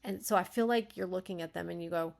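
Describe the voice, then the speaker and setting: A woman's voice: on the low side, fast talker, creaky. A woman beta reader giving a spoken critique of a manuscript. She thinks aloud, often stops and restarts, and acts out lines to show where the emphasis should fall.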